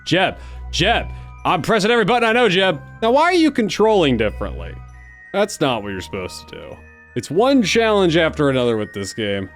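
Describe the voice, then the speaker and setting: Young male gamer, lively animated pitch, excited self-talking let's-play commentary, faint music underneath. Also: a little fast. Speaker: gaming YouTuber.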